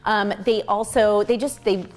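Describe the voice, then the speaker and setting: A woman in her thirties talks in a casual, upbeat way as a team coach pitching the job to newcomers. Her talk is chatty and full of fillers and restarts, at an everyday middle pitch. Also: steady tone, unhurried.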